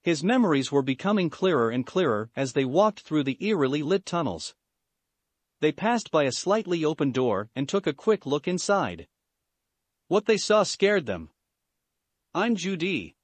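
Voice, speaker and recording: Male storyteller, steady delivery, dry booth sound. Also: on the high side, moderate pace, dry recording. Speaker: fan fiction narrator. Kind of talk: scripted narration.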